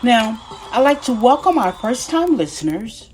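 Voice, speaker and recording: A woman's voice: a little high, big pitch swings, a little slow, darkish tone, soft background music. A woman from Texas with a Southern accent hosting a podcast, talking in an enthusiastic, folksy way as a life coach. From Texas, USA. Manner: enthusiastic, folksy, repeats greetings. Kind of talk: upbeat podcast monologue.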